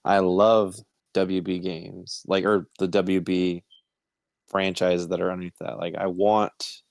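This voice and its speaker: A man's voice: low-pitched, flat delivery, slow, creaky, no room sound. A man co-hosting a gaming podcast in casual chat, earnest and a little defensive. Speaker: podcast co-host. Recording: dry close sound.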